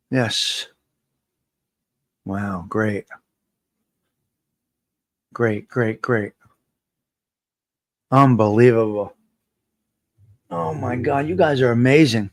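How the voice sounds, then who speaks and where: A man's voice: mid-range voice, drawn-out words, creaky, long pauses, no room sound. A man hosting a live morning coffee chat, talking straight to his viewers in a motivational, repetitive way and reading out their comments. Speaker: livestream host.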